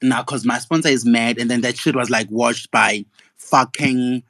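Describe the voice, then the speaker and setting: A man's voice: medium pitch, steady tone, moderate pace, gravelly, fairly bright tone, dry recording. A young man, ranting indignantly and profanely in a gossip vlog. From South Africa. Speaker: gossip vlogger. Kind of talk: angry ranting monologue.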